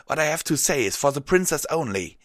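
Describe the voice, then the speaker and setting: A man's voice: big pitch swings, brisk, no room sound, clean studio sound. A man voicing a frantic, out-of-breath unicorn stallion who pleads urgently in a strained, raised voice. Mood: desperate. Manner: urgent, pleading, pushed high and loud.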